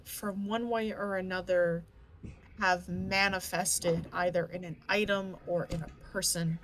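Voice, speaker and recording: A woman's voice: on the low side, a little hiss or hum. A woman narrating as game master in a tabletop game, hesitant and full of restarts.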